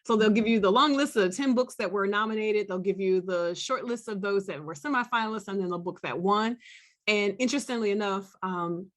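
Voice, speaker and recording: A woman scholar speaking on a panel discussion over a video call, thoughtful, often pausing with fillers and restarting her sentences. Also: medium pitch.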